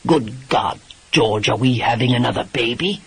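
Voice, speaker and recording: A man doing a gruff English lord, former pirate, English accent, lower and husky, dry and exasperated, storybook husband. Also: moderate pace, poor audio. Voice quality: dry, exasperated, swears mildly.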